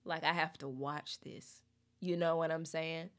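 A young woman, chatting expressively in a casual lyric breakdown and reading lyrics aloud slowly. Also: low voice, fairly even intonation. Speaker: music reaction host.

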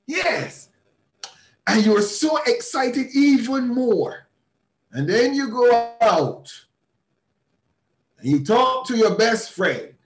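A man who is a bishop, mentoring a class in a preaching style. He is emphatic, repeats words and breaks into sudden shouts. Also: extremely high pitch, animated, takes it slowly, long pauses, roomy sound. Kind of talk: motivational teaching talk in a preaching style.

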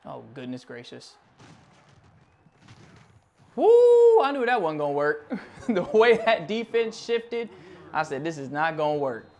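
A young man hosting a gaming channel, commenting on his football video game match as he plays, muttering through menus and shouting at big plays. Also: on the high side, expressive, moderate pace, a little hiss or hum.

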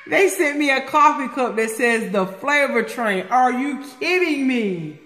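A vlogger with a high-sitting voice opens fan mail at home at a relaxed pace, gasping and repeating herself in excited delight. Soft music plays behind her, and the echoey room adds long reverb and a faint hiss.

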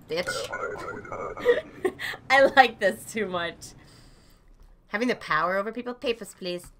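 A woman playing a video game and commenting casually, swearing freely, yelling mock-official orders at characters, and haltingly reading on-screen text aloud. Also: mid-range voice. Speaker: let's play gamer.

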